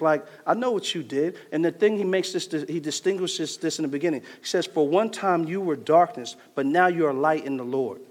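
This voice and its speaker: A man preaching a sermon in a casual, slangy way, swinging between loud bursts and hushed lines. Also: on the high side. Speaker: pastor. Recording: long hall reverb.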